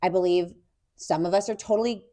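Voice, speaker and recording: A woman's voice: fairly low pitch, steady tone, fairly quick, dark tone. A woman hosting an interview podcast, speaking earnestly and offering supportive affirmations in a casual chat. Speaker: podcast host.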